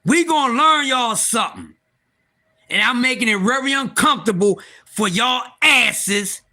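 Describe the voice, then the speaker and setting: A man hosting a casual livestream, excitable and profane, talking straight to his viewers and often repeating and restarting. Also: very high voice, a little slow. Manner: excitable, profane, talks to chat. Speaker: livestream host.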